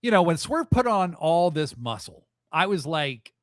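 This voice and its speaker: A man hosting a live wrestling podcast, recapping events in a rambling, excitable, profane way. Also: a little high, a little slow, dry recording, clean studio sound. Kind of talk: casual live show recap.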